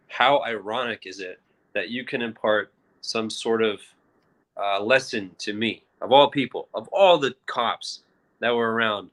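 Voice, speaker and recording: A man's voice: fairly low pitch, normal speed, bright, forceful tone. A man who is an author guest on a live show, speaking over his phone and telling his story in an earnest, reflective way.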